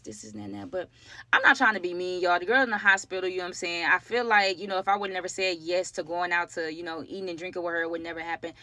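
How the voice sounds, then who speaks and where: A young woman, chatting through a storytime to her viewers, slangy and lively, calling them y'all. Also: lowish voice, fast talker. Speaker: storytime vlogger. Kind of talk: casual storytelling to camera.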